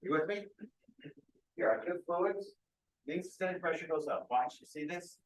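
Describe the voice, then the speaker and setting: A man's voice: high voice, moderate pace. A man giving a keynote medical lecture, explaining step by step and often checking that the audience follows. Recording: echoey lecture hall.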